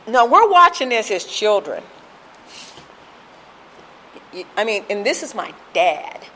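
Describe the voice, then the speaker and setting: Woman, 50s, from Compton, recovery testimony, halting, emotional, repeats words. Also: medium pitch, big pitch swings, bright, forceful tone, a little hiss or hum. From Compton, California. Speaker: speaker sharing at a recovery fellowship.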